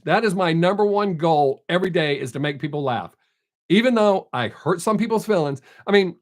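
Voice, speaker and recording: A man chatting casually on a live stream, answering viewers bluntly and without a filter. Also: high-pitched. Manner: blunt, unfiltered, reads out viewer names.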